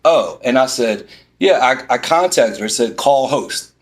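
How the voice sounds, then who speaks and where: A man's voice: medium pitch, unhurried. Exasperated man ranting. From Philadelphia. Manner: exasperated, animated storytelling with quoted back-and-forth. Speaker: vlogger. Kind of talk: ranting storytime vlog. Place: inside a parked van.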